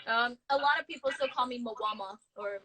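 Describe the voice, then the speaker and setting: A woman from Brazil hosts a casual chat in English with a Brazilian Portuguese accent, friendly and playful. Her voice is somewhat high and very bright, and she sometimes stops to search for an English word. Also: brisk, low-quality recording. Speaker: host.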